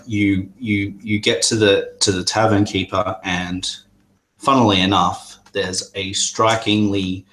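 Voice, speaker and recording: A man narrating a tabletop game as game master, hesitant and halting. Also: lowish voice, flat delivery, a bit bright. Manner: hesitant, many fillers and restarts.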